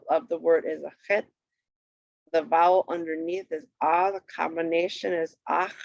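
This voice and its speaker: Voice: mid-range voice, vocal fry, dry recording. A patient teacher walking through a Hebrew primer on a shared screen, repeating each word twice for the learner. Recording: dull lo-fi recording.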